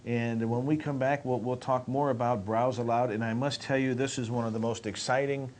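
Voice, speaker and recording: A man hosts a local talk show, prompting his guest with easy questions and affable asides. His voice sits at a middle pitch, with faint room noise under it. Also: fairly even intonation, fairly quick, a little mellow. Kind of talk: casual talk show interview.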